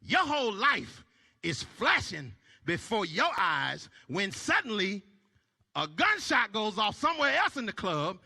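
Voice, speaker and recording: A man performing a stand-up comedy set, shouting his punchlines and dropping to low mumbled asides. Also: huge pitch swings, measured pace, creaky. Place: church stage before a live audience. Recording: long hall reverb.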